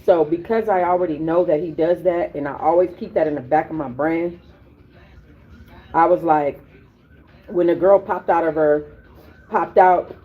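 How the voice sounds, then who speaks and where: Woman, low-pitched voice, animated profane storytelling, slangy casual chat, tinny phone-like sound. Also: husky. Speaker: podcast host.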